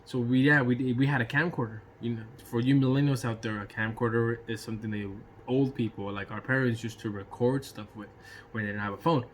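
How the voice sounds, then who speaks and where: A man telling a casual personal anecdote in an animated way, swearing freely and throwing in sound effects. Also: medium pitch, a little fast, slight background noise. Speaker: storyteller.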